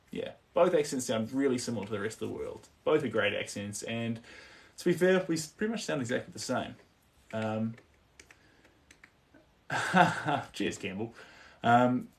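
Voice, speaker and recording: A man with a New Zealand accent chats casually on a live stream while he paints, murmuring to himself about his strokes and pausing now and then to answer viewer comments. His voice is mid-range and recorded from a distance.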